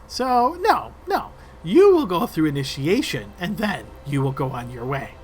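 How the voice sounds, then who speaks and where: A man's voice: on the high side, very animated, a little slow. A man putting on a taunting wererat leader woman. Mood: mocking. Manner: taunting, threatening, mocking. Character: menacing female wererat gang leader.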